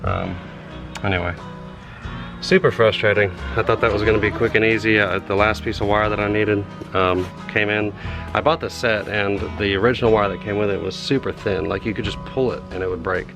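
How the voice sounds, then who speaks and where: A man, talking frankly and rambling as he thinks out loud in a casual homestead vlog, outdoors. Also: lowish voice, steady tone, a little fast, over music, poor audio. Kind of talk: casual vlog talk to camera.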